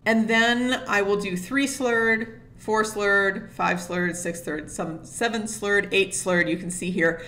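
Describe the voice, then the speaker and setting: Woman string teacher, methodical and steady, mid-pitched voice, laying out practice steps one by one. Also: slow pace, hardly any pauses, a little hiss or hum. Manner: sings rhythms on nonsense syllables to illustrate. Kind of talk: instructional explanation to camera.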